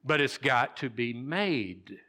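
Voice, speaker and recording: A man's voice: medium pitch, animated, slow, bright, forceful tone. A man, a pastor, preaching a sermon in a conversational way, repeating key phrases and checking in with "okay?".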